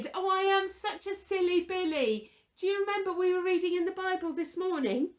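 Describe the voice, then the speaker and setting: A woman presenting a children's Bible lesson, talking gently and with exaggerated feeling to toddlers and a puppet. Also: very high voice, fairly quick, few pauses, muffled recording.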